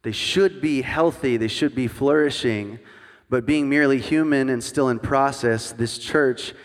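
A man in his thirties delivers a sermon as a guest worship pastor, mixing personal stories with self-deprecating jokes for the congregation. His voice sits at a middle pitch, and a long reverb from the large church hall trails his words. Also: a little slow. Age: 30s. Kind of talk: sermon with humorous storytelling. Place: church sanctuary before a congregation.

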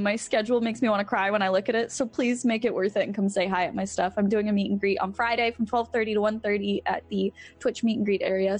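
A young woman streamer chatting casually as she wraps up a show, upbeat and a little scatterbrained, losing her train of thought. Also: a little high. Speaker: streamer, tabletop game player.

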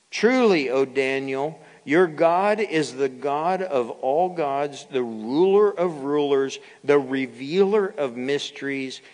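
A man preaching a sermon as a pastor, reading scripture slowly and with dramatic emphasis. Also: on the high side, big-room sound, rough recording.

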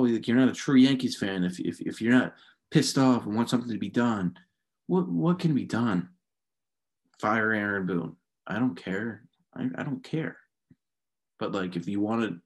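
A young man hosting a casual sports podcast, his voice sitting a little low. He rants with frustration and rambles, restarting his sentences as he works himself up. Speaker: podcast host.

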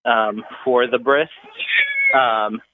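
A man's voice: medium pitch, fairly even intonation, very slow, background noise. A man in his thirties calling in and telling a story in a rambling, hesitant way, full of fillers. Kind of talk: casual phone-in storytelling. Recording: tinny dry phone line.

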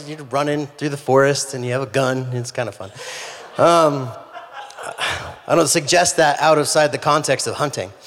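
A man preaching a sermon, telling a humorous story in an animated way. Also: a little high. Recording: long hall reverb.

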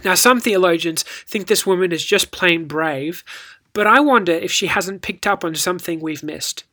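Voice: medium pitch, moderate pace, sharp tone. A speaker gives a scripted Bible devotional, telling the story with rhetorical questions and reading scripture with acted inflection. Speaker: Bible teacher.

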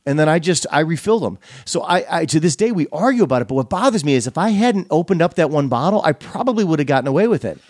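A man's voice: fairly high pitch, very animated, fast talker, hardly any pauses, darkish tone, no echo, clean studio sound. Middle-aged man telling rambling, profane stories. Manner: rambling, profane, with many fillers and restarts. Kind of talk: casual storytelling chat.

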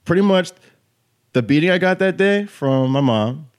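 A man's voice: on the high side, lively intonation, moderate pace, clear, resonant tone. A man in his late twenties hosting a podcast, telling stories loosely with lots of "like" and "you know what I'm saying". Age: 20s. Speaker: podcast host. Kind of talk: casual chat.

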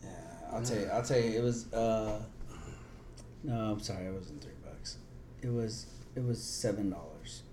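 A middle-aged man co-hosting a casual podcast, telling stories with lots of repetition and excitement. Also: on the low side, normal speed. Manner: animated storyteller, swears, repeats himself. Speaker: podcast co-host. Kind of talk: casual chat. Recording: echoey room with faint noise.

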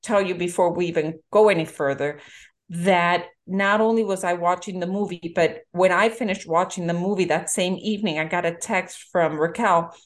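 A middle-aged woman co-hosting a casual movie-review chat, an animated storyteller who acts out the quotes. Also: fairly low pitch, normal speed. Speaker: podcast co-host.

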